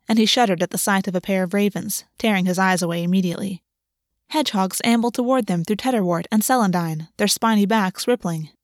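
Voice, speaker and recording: A woman's voice: mid-range voice, no echo. Woman narrating a fantasy novel, dry sound. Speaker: audiobook narrator.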